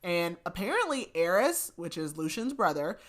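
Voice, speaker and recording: A woman's voice: lowish voice, sing-song, moderate pace. Chatty woman recapping a book. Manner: chatty, giggly, lots of "like". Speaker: podcast host.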